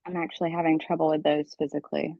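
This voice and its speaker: A woman's voice: deep voice, level tone, fast talker, gravelly, no room sound, muffled recording. A woman client chatting casually and wryly with her healer. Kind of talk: casual chat.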